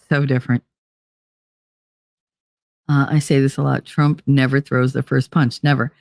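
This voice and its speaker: New woman, casual podcast host, blunt and profane, lowish voice, dry close mic. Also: dry recording. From New Jersey. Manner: blunt, profane storytelling with animated impressions. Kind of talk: casual chat.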